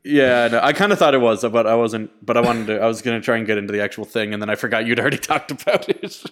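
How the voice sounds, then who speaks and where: A man co-hosting a podcast at a middling pitch. He keeps things casual and joking, often trailing off mid-thought. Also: quick pace, a bit bright. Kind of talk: casual chat.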